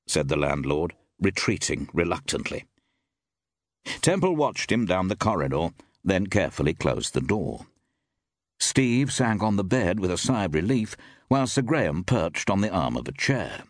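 A low, husky male voice reads a story aloud, his pitch rising and falling widely. The recording is close and dry, with no room sound. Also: very animated, moderate pace, dry recording. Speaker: audiobook narrator. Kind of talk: scripted narration.

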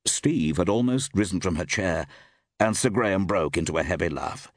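A man narrating a story, reading with expressive, varied delivery. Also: low voice, moderate pace, no room sound, studio quality. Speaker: audiobook narrator. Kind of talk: scripted narration.

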